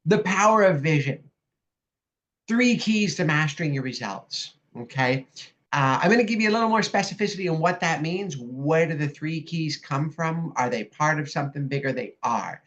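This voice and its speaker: A woman life coach giving an upbeat, animated online workshop presentation over a video call. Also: sits low. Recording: dull lo-fi video call audio.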